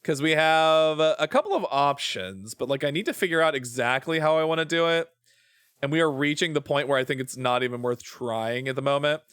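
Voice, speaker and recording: A man's voice: a little high, fairly quick, fairly bright tone, clear, resonant tone, no room sound, studio quality. Playful, swearing male game streamer. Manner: playful, rambling, swears a lot. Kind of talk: casual gameplay chat.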